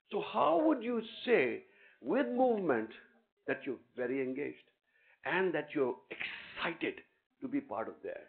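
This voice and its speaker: Animated male lecturer, tinny recording. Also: high-pitched, creaky. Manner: animated, teasing, coaxes students on stage. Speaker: guest lecturer. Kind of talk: interactive classroom lecture. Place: lecture hall with a stage.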